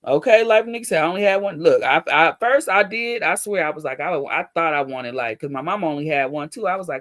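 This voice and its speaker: A woman's voice: deep voice, quick pace, hardly any pauses, dry recording, studio quality. A middle-aged woman chatting casually on a livestream, telling stories about raising her son in a blunt, profane, laughing way. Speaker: livestream host.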